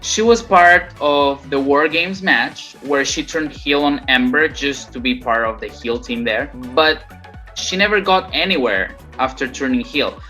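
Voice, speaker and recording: A host talks through a ranked list in a measured, steady way. The voice sounds bright and forward. Soft music sits faintly behind. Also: medium pitch. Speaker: channel host. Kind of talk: casual wrestling commentary.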